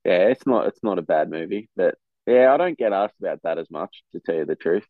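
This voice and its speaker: A young Australian athlete guests on a podcast, talking fairly quickly in a low, animated voice with an Australian accent. He's laid-back and frank, and the dry recording sounds tinny, like a phone line.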